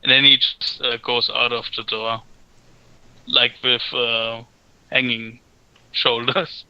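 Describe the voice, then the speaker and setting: A man plays a tabletop game and describes his character's actions in a hesitant way. He talks very slowly, and his voice has a bright, tense edge over a dull, lo-fi voice-chat line. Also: medium pitch, flat delivery, clean tone, no room sound. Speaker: player.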